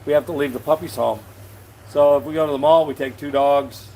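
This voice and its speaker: A man's voice: a little high, fairly even intonation, a little fast, dark tone. Chatty man rambling in a noisy room. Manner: rambling, chatty, talks to his dogs. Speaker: vlogger. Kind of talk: casual vlog chat. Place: home in the Philippines.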